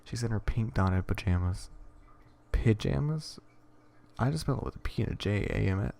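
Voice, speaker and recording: A man reading an interactive horror story aloud in a hushed, would-be ASMR tone, stumbling over words and stopping to joke. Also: fairly low pitch, lively intonation, normal speed, creaky. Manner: rambling, stumbles and self-corrects, jokes between lines. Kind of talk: casual reading with asides.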